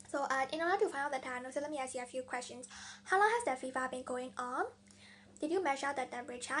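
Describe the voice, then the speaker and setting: A woman's voice: high-pitched, fairly bright tone, a little hiss or hum. A woman playing a doctor in a practice clinical exam, asking a parent questions in a hesitant way, often restarting and repeating herself. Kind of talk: clinical history-taking role-play.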